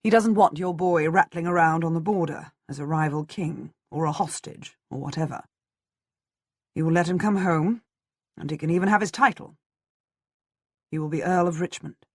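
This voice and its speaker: A woman's voice: sits low, moderate pace, no echo, studio quality. A woman doing a blunt noble husband. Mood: matter-of-fact. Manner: blunt, matter-of-fact. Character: stern middle-aged noble husband, blunt.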